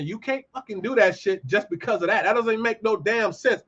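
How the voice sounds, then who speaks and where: Male commentary host, high-pitched, ranting casually, swings between shouting and muttering; muffled lo-fi recording. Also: normal speed, hardly any pauses, breathy edge. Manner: heated, ranting, swings from loud outbursts to low muttering. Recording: dull lo-fi audio.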